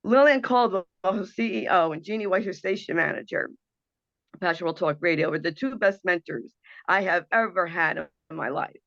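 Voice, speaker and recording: A woman's voice: fairly low pitch, normal speed, fairly bright tone, no echo, highs cut off. A woman hosting an internet radio talk show, speaking in an earnest, emotional and impassioned monologue over a video call.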